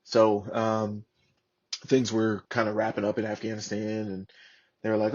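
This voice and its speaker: A man's voice: lowish voice, moderate pace. A man in his thirties, a former Marine, telling war stories casually on a podcast, swearing freely and acting out the people he quotes. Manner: profane, animated, acts out shouted quotes. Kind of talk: casual storytelling. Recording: lo-fi podcast audio.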